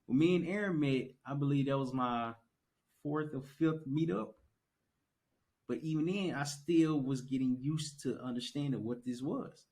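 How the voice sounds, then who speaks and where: A young man on a podcast, chatting casually and telling his story with animated emphasis and repeated phrases. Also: medium pitch, moderate pace. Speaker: podcast guest. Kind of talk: casual conversation.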